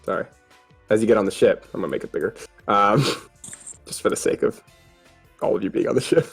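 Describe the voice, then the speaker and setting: A man's voice: fairly low pitch, brisk, creaky, breathy edge, faint music behind. A man narrating a tabletop role-playing game as game master, describing scenes and often chuckling as he goes.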